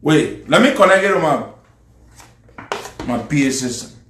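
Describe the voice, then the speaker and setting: Liberian man, furious mocking rant, bright tense voice, roomy echo. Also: fairly high pitch, very animated, measured pace. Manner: angry, insulting, mocking. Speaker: political commentator. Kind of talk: ranting live commentary.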